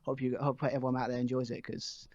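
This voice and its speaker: A man's voice: medium pitch, flat delivery, fast talker, a little mellow, highs cut off. A man, a podcast guest chatting casually and rambling, with many fillers and restarts. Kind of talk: casual chat.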